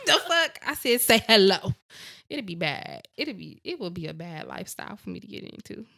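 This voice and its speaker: Bright-voiced woman, loud and laughing. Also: fairly low pitch, very animated, fairly quick, vocal fry. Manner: loud, laughing, acts out quotes. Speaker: podcast co-host. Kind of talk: casual podcast chat.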